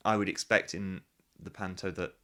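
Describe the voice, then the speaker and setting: A man's voice: deep voice, steady tone, moderate pace, bright, forceful tone. A man, a pantomime actor, chatting as a guest in an interview and thinking aloud with many restarts. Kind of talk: casual interview chat.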